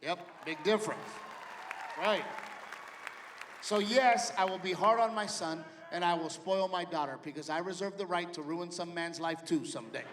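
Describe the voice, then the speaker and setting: A middle-aged man doing a stand-up comedy routine, animated storytelling that acts out his family members. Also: high voice, moderate pace, a faint crowd. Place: large theater with live audience. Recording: live venue reverb, audience noise.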